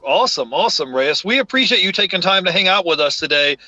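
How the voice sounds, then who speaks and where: A man's voice: high voice, animated, quick pace, bright, forceful tone, dry recording, highs cut off. A man hosting a live stream, reading viewer comments aloud in a laid-back way. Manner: reads chat messages aloud, laid-back.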